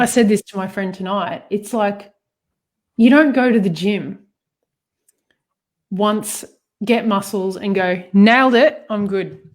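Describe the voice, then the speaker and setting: Chatty woman laughing through a story. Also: medium pitch. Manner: animated storytelling, laughs often, frequent fillers. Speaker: co-host. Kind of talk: personal conversation about healing.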